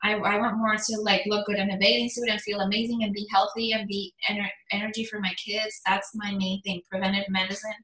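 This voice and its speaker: A woman in her forties, a fitness business coach, giving an energetic motivational talk in emphatic bursts. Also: medium pitch, a little fast, few pauses. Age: 40s. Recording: echoey room.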